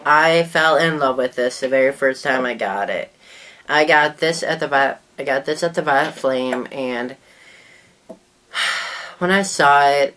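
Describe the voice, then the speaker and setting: A woman's voice: extremely low pitch, fairly bright tone. A woman vlogger in a casual show-and-tell talk to the camera, chatty and rambling, often trailing off mid-sentence.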